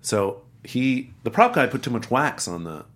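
Here a guest actor, a middle-aged man, recounts a casual anecdote at a slightly slow pace in a medium-pitched voice. He's an animated storyteller who performs the voices and accents of everyone involved.

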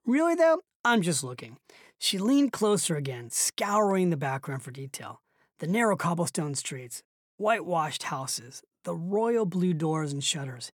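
Woman reading a novel aloud, lively and lowish, dry close studio sound. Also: a little slow, no room sound. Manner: expressive storytelling reading. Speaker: audiobook narrator. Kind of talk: audiobook narration.

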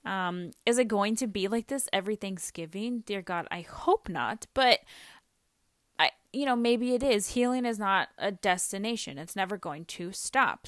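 Her fairly high, somewhat bright voice carries this personal podcast, recorded at studio quality without room sound. The host, an adult woman with a daughter, reflects candidly in a rambling monologue, heavy on fillers and casual swearing.

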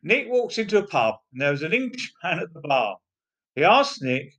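Pub-joke reader; lively voice, lots of pitch movement. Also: moderate pace, muffled recording. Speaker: joke teller. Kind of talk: reading pub jokes aloud.

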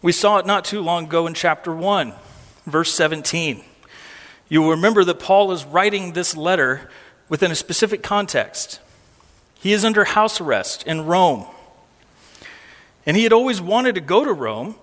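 Pastor, male, high voice, emphatic sermon delivery, long hall reverb. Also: lively intonation, moderate pace, long pauses, fairly bright tone. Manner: emphatic, repeats words for stress.

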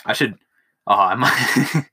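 A man's voice: mid-range voice, takes it slowly, background noise. A young man hosting a podcast alone at home, rambling crudely with lots of swearing and self-mocking jokes, recorded on a phone. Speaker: podcast host. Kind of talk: casual solo podcast monologue. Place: at home in his room.

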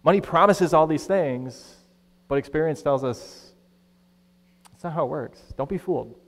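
A man preaching a sermon as pastor, conversational and animated, acting out the voices he quotes. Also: a little high, moderate pace, big-room sound.

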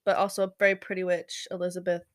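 A woman's voice: lowish voice, flat delivery, fast talker, crowd noise. A young woman co-hosting a podcast in casual chat, joking and teasing with sarcastic asides. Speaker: podcast co-host.

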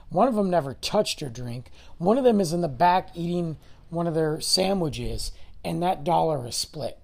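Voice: mid-range voice, gravelly, darkish tone, breathy edge. A middle-aged podcast host ranting in a solo episode, exasperated and firing off mocking rhetorical questions. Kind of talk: solo opinion rant.

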